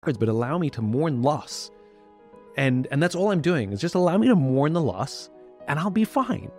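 A man talking candidly as a podcast guest, reflective and blunt, turning lively when he quotes other people. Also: on the high side, normal speed, faint music behind. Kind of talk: candid conversational talk.

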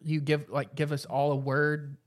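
A man co-hosting a casual podcast, pitching ideas in an easygoing way. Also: monotone, normal speed. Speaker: podcast co-host. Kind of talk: casual chat.

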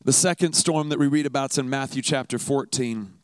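A man's voice: medium pitch, a little fast, clean tone, no echo. A man preaching a sermon in a conversational, emphatic way, often repeating words for effect.

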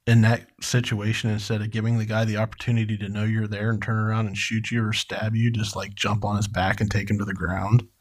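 A man's voice: fairly low pitch, level tone, a little fast, few pauses. A man co-hosting a true crime podcast, reading parts of a case and asking his co-host questions about it. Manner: questioning, conversational. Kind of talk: true crime narration and discussion.

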